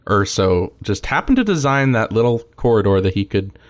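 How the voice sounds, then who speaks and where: Low-voiced man giving emphatic opinions. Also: very animated, normal speed, highs cut off. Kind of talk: casual podcast discussion.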